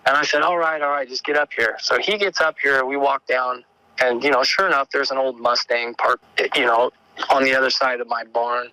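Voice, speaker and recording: On a low-quality, echo-free recording, a man with a medium-pitched voice phones in with a story about an encounter. The telling is loose and stumbling, full of fillers and restarts, and picks up excitement and urgency as things progress.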